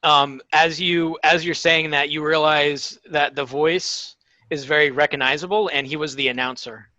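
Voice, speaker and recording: Bright-voiced man running a tabletop game. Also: fairly high pitch, fairly even intonation, moderate pace, no room sound. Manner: chatty, lots of ums and laughs. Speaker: game master. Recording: dull lo-fi sound.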